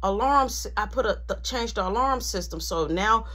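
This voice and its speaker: Strict suspicious mom, put on by a woman: loud, high and husky, scolds with a lively rise and fall. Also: moderate pace. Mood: scolding. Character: strict, suspicious mother, a light sleeper.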